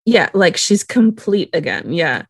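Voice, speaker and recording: A woman with a somewhat low voice retells TV scenes on a casual podcast. She leans on fillers and wry asides, close to a dry mic. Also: big pitch swings, measured pace, husky, no room sound. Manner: storytelling recap with lots of "like" fillers, wry asides. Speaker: podcast co-host recapping a TV episode. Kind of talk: casual chat.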